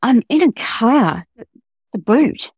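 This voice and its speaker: A woman's voice: on the high side, lively intonation, slow pace, a little mellow, breathy edge, dry recording, studio quality, pitched above the performer's own voice, exaggerated voice. A woman reading aloud as a terrified young woman trapped in a car boot, stammering and breathless with panic. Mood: panicked.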